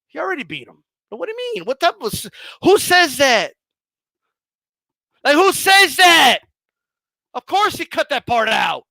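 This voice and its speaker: Man, very high voice, bright and forceful, mocking, gloating boxing vlog rant. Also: very animated, normal speed, vocal fry, pauses often, dry recording. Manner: mocking, gloating, swears often, mimics critics, shouts at times. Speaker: boxing commentator and channel host.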